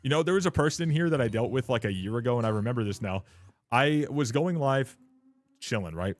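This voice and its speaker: A man's voice: medium pitch, animated, brisk, soft background music. A young man from Canada chatting casually on a live stream, blunt and profane, ranting at his viewers and laughing often.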